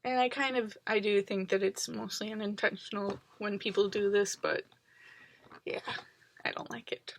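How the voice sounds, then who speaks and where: A woman vlogger talking casually to camera in a rambling, reflective way, often pausing with ums and likes. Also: mid-range voice, steady tone, no echo. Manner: reflective, analytical.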